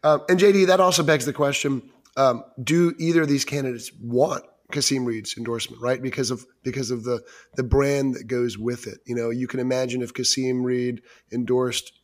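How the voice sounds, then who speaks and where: A man's voice: medium pitch, fairly even intonation, moderate pace. A man hosting a news podcast, leading a conversational discussion with lots of fillers and restarts. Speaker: podcast host.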